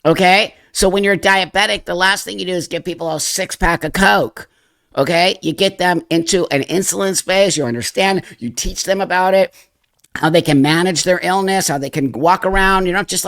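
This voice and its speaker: A man's voice: high-pitched, normal speed. Impassioned man addressing viewers. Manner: emphatic, repeats points, addresses viewers directly; emotional, voice softens and drops. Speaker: channel host. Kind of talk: impassioned commentary to camera.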